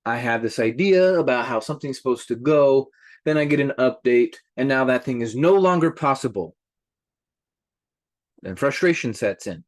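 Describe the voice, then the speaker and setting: A man hosting a group call, talking in an animated way and speaking straight to his listeners. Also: mid-range voice, no room sound, clean studio sound. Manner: animated, addresses listeners directly. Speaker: host. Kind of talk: motivational group call talk.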